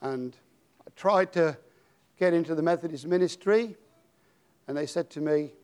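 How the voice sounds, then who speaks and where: An older British man preaching a sermon, dropping to a hush and then rising to dramatic shouts. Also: a little high, moderate pace, smooth. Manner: dramatic, swings from hushed to shouting.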